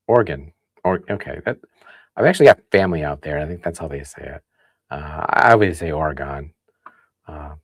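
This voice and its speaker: A man from the Midwest hosting a casual livestream, chatting and thinking out loud as he reads comments. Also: very deep voice, gravelly, husky, no echo, clean studio sound. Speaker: livestream host. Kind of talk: casual tasting livestream chat.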